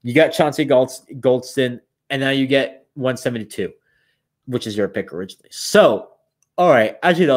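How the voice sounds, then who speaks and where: A man's voice: mid-range voice, moderate pace. A young man casually talking through picks on a live stream, thinking aloud and a bit tired. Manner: thinks aloud, rambling with restarts. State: yawning, tired. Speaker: streamer running mock drafts.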